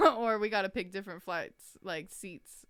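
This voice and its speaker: Woman, podcast co-host, smooth clear voice, dry close sound, chatty. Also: mid-range voice, lively intonation, unhurried, fairly bright tone, no echo. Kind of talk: casual chat.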